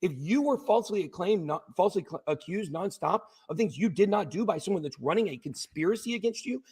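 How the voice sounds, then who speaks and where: A man on a livestream speaks straight to his viewers, emotional and insistent, saying the same lines over and over to drive them home. His voice is fairly high and husky. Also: lively intonation, fast talker, darkish tone. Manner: emotional, insistent, repeats himself. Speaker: streamer.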